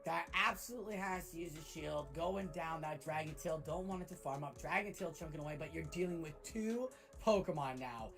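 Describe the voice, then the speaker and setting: Gravelly woman co-caster. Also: deep voice, brisk, hardly any pauses. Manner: excitable, breaks into shouts at big plays. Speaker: esports co-commentator. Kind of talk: live play-by-play commentary. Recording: faint music bed.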